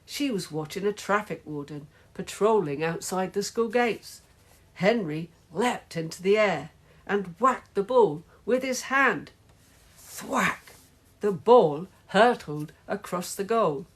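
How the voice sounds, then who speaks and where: A woman reading a children's storybook aloud in slow, measured storytelling. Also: mid-range voice, lively intonation. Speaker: narrator.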